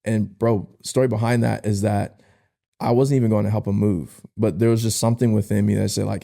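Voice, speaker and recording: A young man, a podcast guest, casually telling a personal story in an emotional, halting way with slang. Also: lowish voice, steady tone, creaky, mellow. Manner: casual, uses slang like "bro".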